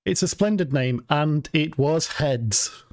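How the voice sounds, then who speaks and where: An amused co-host chats on a game livestream, chuckling often between lines. The voice sits at a middle pitch, and the sound is dry and close. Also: expressive, takes it slowly, darkish tone, no room sound. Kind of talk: casual chat on a game stream.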